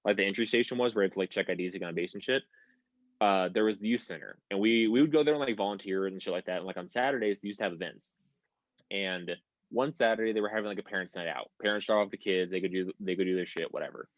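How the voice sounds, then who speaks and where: A young man from the United States tells a long story in a lowish voice, full of restarts and casual swearing. The recording sounds dull and lo-fi with no room echo. It feels like an unpolished podcast mic. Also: fast. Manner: rambling storyteller, swears freely. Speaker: podcast guest.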